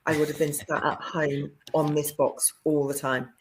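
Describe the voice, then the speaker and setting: A woman, a psychic medium, chatting casually and animatedly, often laughing and jumping up into a high voice to act out quotes. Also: little pitch movement, normal speed, slight background noise. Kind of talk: casual storytelling chat.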